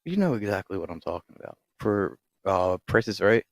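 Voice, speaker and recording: A man with a lowish voice co-hosts a sports podcast in loose, rambling chat. He restarts his sentences often and swears casually. The sound is close and dry, with no room around it. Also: big pitch swings, fairly quick, dry recording. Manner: rambling, profane, restarts a lot. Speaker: podcast co-host.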